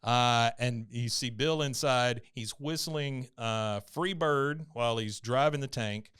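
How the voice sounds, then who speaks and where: A man's voice: mid-range voice, slow, a bit bright, smooth. A man co-hosting a podcast, recapping a cartoon episode in a laid-back, chuckling storytelling manner. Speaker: podcast co-host.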